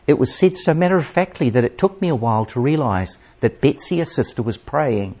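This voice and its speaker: A male preacher delivers a sermon as a dramatic story, swinging between raised passages and hushed asides. His voice is husky and at an ordinary pitch. The recording is dull and lo-fi. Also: lively intonation, brisk, few pauses.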